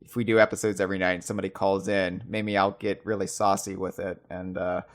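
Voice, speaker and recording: A man's voice: sits low, quick pace. A man hosting a podcast in a casual, rambling chat. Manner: rambling, lots of fillers and restarts, lively. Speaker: podcast host.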